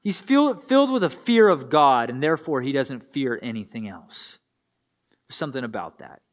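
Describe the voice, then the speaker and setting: A man's voice: mid-range voice, big pitch swings, moderate pace. A man preaching a sermon to young listeners, earnest and posing rhetorical questions. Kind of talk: sermon to a youth audience.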